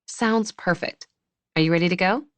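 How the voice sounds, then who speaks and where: A wry young woman doctor who slips deadpan jokes into her talk, as a woman reads her. The voice is low and the sound dry, close and clean. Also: moderate pace, no echo, close to an everyday voice.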